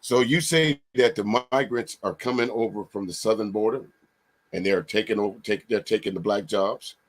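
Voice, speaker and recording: A man's voice: lowish voice, moderate pace. A man hosting a comedic livestream panel, asking long winding questions with many fillers and restarts. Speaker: livestream host. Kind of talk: casual comedic panel chat.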